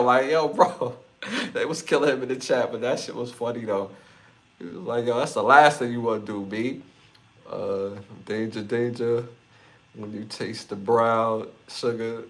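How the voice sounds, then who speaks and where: A man's voice: medium pitch, fairly bright tone. A young man from New hosting a live podcast, chatting loosely and laughing a lot as he reads comments. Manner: laughs often, loose slangy banter. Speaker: podcast host. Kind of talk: casual live-stream chat reading comments.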